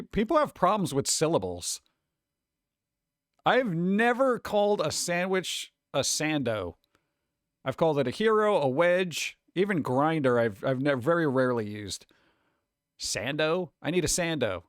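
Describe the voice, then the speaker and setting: A man's voice: a little high, very animated, moderate pace, no echo, clean studio sound. A man from New York with a New York accent, hosting a casual livestream and reacting to chat in a sarcastic, mock-exasperated way. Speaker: streamer host.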